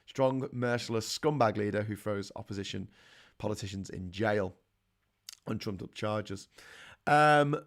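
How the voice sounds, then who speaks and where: A man's voice: fairly low pitch, unhurried. A middle-aged man with a Scouse accent hosts a live call-in stream, reading viewer comments aloud and answering them with blunt, opinionated rants that swear and build in heat. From Liverpool, England. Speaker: host of a live call-in chat show.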